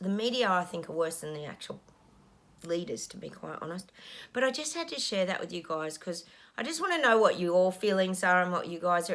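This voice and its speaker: A woman's voice: mid-range voice, a bit bright. A middle-aged woman, a psychic talking casually to her viewers, frustrated and ranting, sometimes dropping to a whisper. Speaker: psychic channel host.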